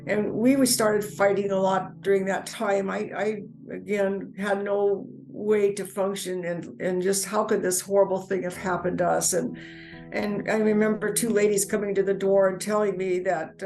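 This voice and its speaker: A woman telling her personal life story in earnest, halting speech, often repeating words as she goes. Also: mid-range voice, a little mellow, poor audio. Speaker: near-death experience storyteller. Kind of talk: personal testimony.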